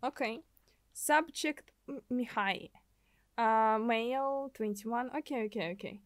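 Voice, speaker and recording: A young woman from Russia with a Russian accent, chatting with viewers in an excitable, giggly way while streaming a game from a desk mic. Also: fairly high pitch, slow pace, no echo. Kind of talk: casual gameplay livestream.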